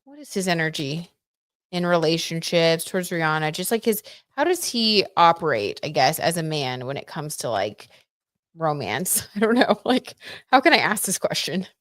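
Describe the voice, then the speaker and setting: A young woman hosting a casual tarot livestream, chatty and animated, full of fillers and asides to her viewers. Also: deep voice, moderate pace, no echo, clean studio sound. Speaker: tarot reader and livestream host.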